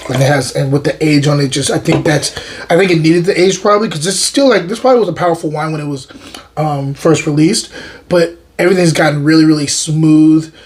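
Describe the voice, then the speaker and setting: A man hosting his own show, tasting and reviewing a wine in a relaxed, enthusiastic way and often repeating his words. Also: on the high side, brisk.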